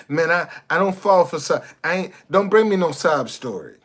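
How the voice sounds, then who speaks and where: A man's voice: on the high side, expressive, moderate pace, hardly any pauses, fairly bright tone. A man hosting a casual livestream monologue, blunt and preachy, repeating himself and cursing. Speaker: livestream host.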